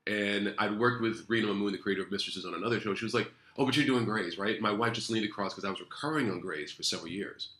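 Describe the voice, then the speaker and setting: Man, actor guest, quick lively chat, bright tone, roomy echo. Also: fairly low pitch. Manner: animated, repeats words, quotes others in asides. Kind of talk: casual interview chat.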